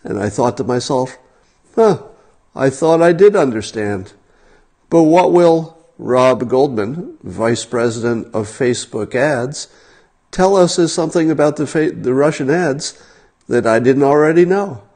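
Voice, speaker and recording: A man's voice: mid-range voice, expressive, measured pace, darkish tone. Wry man talking to his livestream viewers. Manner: wry, incredulous, talks straight to viewers. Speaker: livestream host. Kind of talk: casual livestream commentary.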